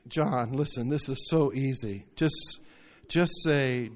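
A man's voice: mid-range voice, takes it slowly, few pauses. Fervent preaching man, muffled recording. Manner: storytelling with rising, emphatic bursts. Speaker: pastor. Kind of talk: sermon.

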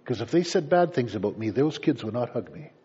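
Husky-voiced pastor preaching, lively pitch. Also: male voice, brisk, highs cut off. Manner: conversational, playful asides to congregation. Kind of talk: sermon.

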